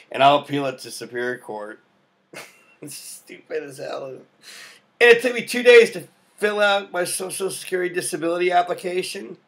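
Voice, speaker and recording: A man's voice: high voice, a bit bright. A young adult man telling a rambling story in a casual vlog, full of fillers and laughs. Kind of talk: rambling personal vlog monologue.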